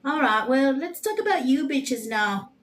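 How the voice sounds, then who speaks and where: Lively playful woman livestreaming tarot. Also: sits high, measured pace, slight background noise. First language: Spanish. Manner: playful, swears freely, slips into funny voices. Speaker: tarot reader livestream host. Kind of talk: casual livestream chat.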